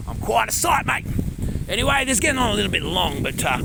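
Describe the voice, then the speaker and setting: A man with a broad Australian accent rambles through a comic monologue as a larrikin bushman. His voice is gravelly and swings widely in pitch. It is recorded outside in the countryside with plenty of background noise. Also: big pitch swings, fast. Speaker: comedy character vlogger. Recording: noisy outdoor recording.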